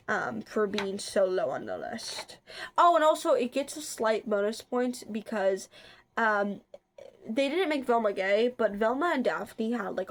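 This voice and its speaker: A young woman chatting casually for her vlog, rambling with lots of filler words and restarts. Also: medium pitch. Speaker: vlogger. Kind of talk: casual chat.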